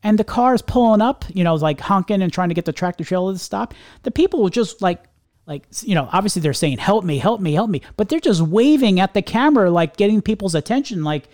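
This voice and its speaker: A middle-aged man rants his way through a casual podcast chat, circling back and restarting his sentences. His voice sits a little high for a man. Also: sing-song, fast talker, a little mellow. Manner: ranting, rambling with many restarts. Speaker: podcast co-host.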